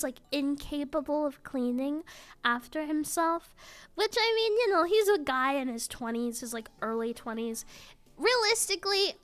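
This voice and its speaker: A woman's voice: high-pitched, a bit bright. A woman streamer chatting casually to her viewers, giggling often and mocking herself with joking asides. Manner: giggly, self-mocking, jokey rambling.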